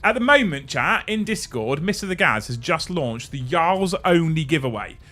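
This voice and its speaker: A man's voice: fairly high pitch, normal speed. A man hosting a casual livestream, chatting and joking with viewers while reading through lists. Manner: animated, joking, reads off lists. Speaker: livestream host.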